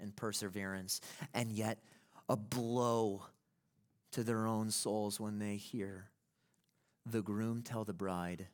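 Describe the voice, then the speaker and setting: A male pastor preaching a sermon in an emphatic way, building to impassioned peaks. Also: lowish voice.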